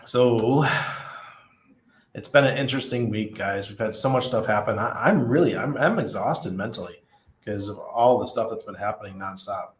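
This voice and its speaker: A man's voice: fairly low pitch, moderate pace. A middle-aged man hosting a casual livestream, chatting loosely, laughing often and reading viewer comments aloud. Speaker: livestream host. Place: apartment above a busy nightlife street. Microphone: studio mic at desk. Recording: echoey room.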